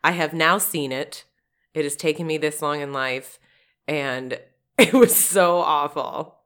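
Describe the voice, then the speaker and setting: A woman's voice: low-pitched, a little slow, a bit bright, clear, resonant tone. A woman co-hosting a podcast, chatting casually, swearing freely and laughing often. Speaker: podcast co-host. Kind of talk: casual chat. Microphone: podcast microphone.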